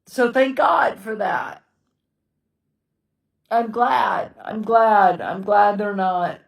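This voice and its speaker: A middle-aged woman, a widow, talking slowly and haltingly about her grief in a quiet house at night, often breaking into tears. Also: medium pitch, echoey room, distant mic, low-quality recording. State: tearful. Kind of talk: personal confessional vlog.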